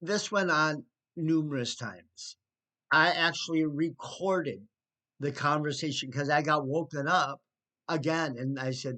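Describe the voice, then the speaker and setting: A man telling a personal story in a casual, indignant way, with sarcastic asides and halting restarts. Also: a little high, bright, forceful tone. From United States. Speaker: storyteller recounting trouble with neighbors. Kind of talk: casual spoken storytelling to camera.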